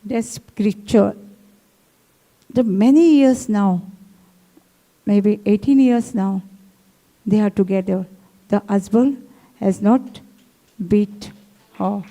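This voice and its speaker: A woman's voice: medium pitch, takes it slowly, long pauses, mellow, low-quality recording. A woman preacher at a retreat, telling a testimony sermon in broken English with frequent "no?" tags. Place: retreat hall.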